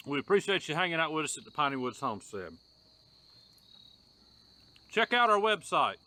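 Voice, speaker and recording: A homestead vlogger hosts a casual cooking video outdoors on a rural homestead, his fairly high voice pushed and bright. He talks in a folksy drawl and says "y'all" a lot.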